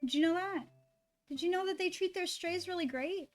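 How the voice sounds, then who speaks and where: A woman's voice: very high-pitched, normal speed, faint music behind. A woman streamer chatting casually and rambling, swearing freely and talking to her dog between thoughts.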